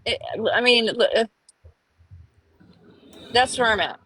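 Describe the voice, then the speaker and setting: A woman in a casual livestream chat, telling a story with animated retorts. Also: on the high side, a little slow, pauses often, breathy edge, no echo, low-quality recording. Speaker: live stream participant.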